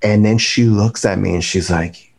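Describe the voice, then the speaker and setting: A man's voice: lowish voice, steady tone, moderate pace, gravelly, a little mellow, slightly rough. A man giving an earnest, emotional personal testimony on a faith interview, restarting his sentences as he goes. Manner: faith-filled, speaks of God and prayer. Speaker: guest.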